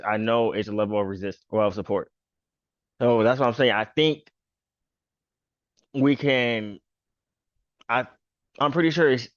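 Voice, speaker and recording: Casual male trader host, mid-pitched and loose-spoken, dull, dry recording. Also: no echo. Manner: loose, filler-heavy talk with "pretty much" and "bro". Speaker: stock trader and channel host. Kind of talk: casual chart walkthrough.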